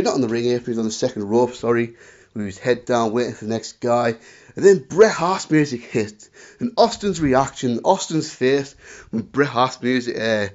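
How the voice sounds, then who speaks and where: A man in his thirties from the northeast of England with a Northeast English accent, hosting a casual wrestling chat and telling stories with lively bursts. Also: medium pitch. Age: 30s. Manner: chatty, animated storytelling with shouted impressions. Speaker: podcast host. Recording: slightly dull lo-fi recording.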